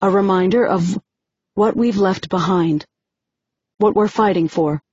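A woman voicing an earnest young male leader who speaks low and emotionally. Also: unhurried, darkish tone, slightly rough, lo-fi sound. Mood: choked up.

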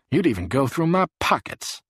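A man's voice: mid-range voice, a bit bright, slightly rough, no echo, studio quality, pitched above the performer's own voice, full character voice. A man reading an audiobook, voicing a crude, sour man who mutters thickly. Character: sick, crude, grumbling man.

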